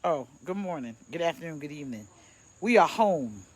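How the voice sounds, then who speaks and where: A woman's voice: low voice, animated, a little fast, breathy edge, no room sound. A woman pastor, preaching casually on a livestream from home, playful and chatty as she greets viewers by name.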